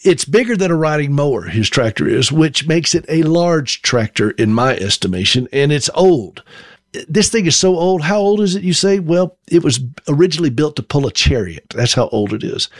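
A Southern man in his fifties tells stories in a folksy, self-deprecating way, full of humorous asides. His voice sits a touch high for a man. The sound is dry and close, with no room around it. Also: no room sound. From South Carolina. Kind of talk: storytelling monologue.

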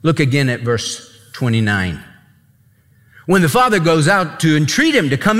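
A man's voice: a little high, big pitch swings, normal speed, fairly bright tone, long reverb tail. A man preaching a sermon as a pastor, emphatic and conversational, speaking straight to the congregation.

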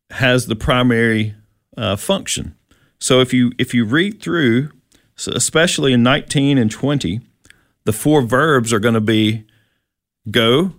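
A man's voice: medium pitch, a bit bright, no echo. Male co-host, conversational Bible teacher, dry close sound, loose and explanatory delivery. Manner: explanatory, with many fillers and restarts. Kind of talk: casual Bible teaching chat.

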